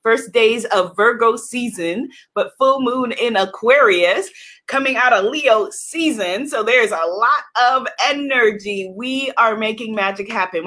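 A lively woman hosts a spiritual livestream. Her voice sits a little high, and she cheers viewers by name with big energy. She then slows into soft, calm guided breathing. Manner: exuberant, greets viewers by name, swings to soft meditative guidance.

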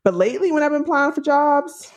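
A woman in her thirties with a Washington DC accent talks casually as a podcast co-host. Her pitch swings widely, and she laughs often and acts out the voices of people she quotes. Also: expressive, fast talker. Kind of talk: casual chat.

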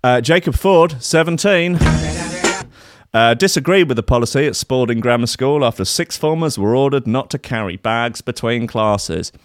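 A man's voice: mid-range voice, animated, moderate pace, no echo, soft background music. Man hosting a show, sardonic, rambling, swearing, dry booth sound. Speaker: radio show host. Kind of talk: casual chat between music tracks.

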